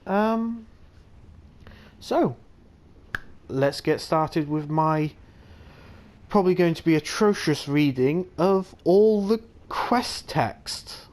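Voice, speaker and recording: A man's voice: fairly high pitch, animated, slow pace, long pauses, darkish tone. A man giving casual gameplay commentary in a hesitant, self-deprecating way with many fillers. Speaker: let's play gamer.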